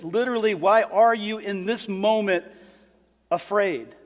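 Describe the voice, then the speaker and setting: A man delivering a sermon as pastor, moving between quiet reflective passages and loud, emphatic preaching. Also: high-pitched, measured pace. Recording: dull sound with long hall reverb.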